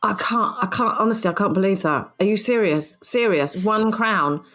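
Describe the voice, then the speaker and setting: A woman's voice: medium pitch, animated, normal speed, fairly bright tone. A middle-aged woman co-hosting a casual podcast chat, laughing often and arguing playfully. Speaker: podcast co-host. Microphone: home podcast microphone.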